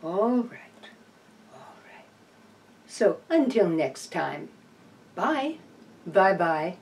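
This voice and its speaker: A woman speaks in an unhurried, wry home-video chat, her voice rising and falling freely. She teases the audience and turns tender when she talks to her little companion. The mic sits some distance from her. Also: on the low side, big pitch swings. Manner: dry playful humor, coos tenderly to her opossum. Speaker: opossum rescuer and vlogger. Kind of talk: casual chat to camera.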